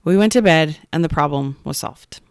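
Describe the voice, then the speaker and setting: Earnest woman coach, smooth close voice. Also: sits low, moderate pace, no room sound. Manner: earnest, animated storytelling. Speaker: podcast host, coach. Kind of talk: podcast storytelling monologue.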